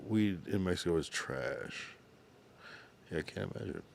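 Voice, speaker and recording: Deep-voiced sleepy young streamer. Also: male voice, expressive, normal speed, gravelly, a little hiss or hum. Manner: laid-back, drowsy, talks in loose run-on asides with slang. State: sleepy, yawning. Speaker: livestreamer. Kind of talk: casual livestream chat reading viewer comments.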